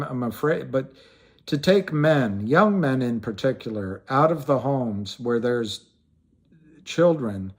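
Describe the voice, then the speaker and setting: Guy rambling slowly on his livestream, keeps restarting sentences, chatting to viewers by name. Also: mid-range voice. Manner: rambling, with frequent restarts and trailing thoughts. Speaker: livestream host. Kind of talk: casual livestream chat answering viewers.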